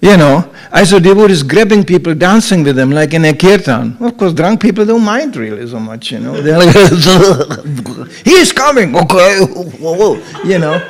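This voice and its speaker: A monk gives an anecdotal spiritual talk, telling stories with lively animation, acting out voices and laughing. His voice is slightly high and creaky.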